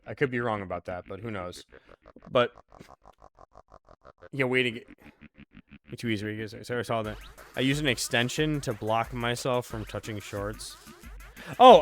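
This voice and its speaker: A man's voice: mid-range voice, fairly bright tone. A young man streaming a game live, chatting casually, swearing a lot and laughing as he rants. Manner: profane, ranting, laughs often. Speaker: livestreamer.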